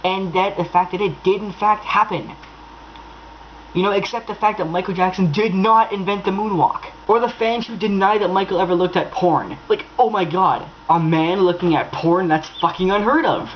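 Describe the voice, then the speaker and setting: A man's voice: high-pitched, moderate pace, dull audio, a little hiss or hum. Exasperated young man ranting, heavy swearing. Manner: exasperated, sarcastic, swears freely. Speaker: vlogger. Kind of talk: angry rant to camera.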